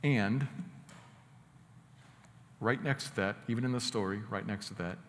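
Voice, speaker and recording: A man preaching a sermon, earnest, swinging between loud emphatic lines and quiet asides. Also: on the low side, a little slow, slight background noise. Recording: long hall reverb.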